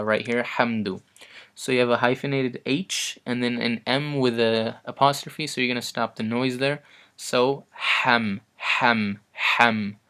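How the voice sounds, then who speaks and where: A man giving a pronunciation lesson, patiently explaining and repeating each sound slowly, with frequent fillers. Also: medium pitch, fairly bright tone. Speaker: Arabic pronunciation teacher.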